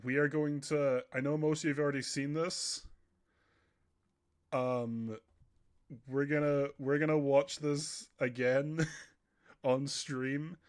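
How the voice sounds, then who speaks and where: A man's voice: a little high, fairly even intonation, slow pace, pauses often. A young man streaming live from home, chatting casually with viewers in a rambling, chatty way, his nose running. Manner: rambling, chatty, often laughing. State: runny nose. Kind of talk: casual livestream chat. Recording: faint background music.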